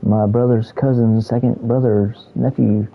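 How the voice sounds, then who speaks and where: A man's voice: medium pitch, little pitch movement, a little slow, gravelly, narrow, tinny audio. Man doing a goofy drawling Southern hick. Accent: put-on Southern US. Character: exaggerated stereotypical Southern man, dim-witted.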